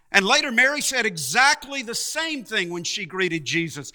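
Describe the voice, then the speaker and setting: A man preaching a sermon, slow and emphatic, with dramatic pauses and repeated words. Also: sits high, big pitch swings, sharp tone.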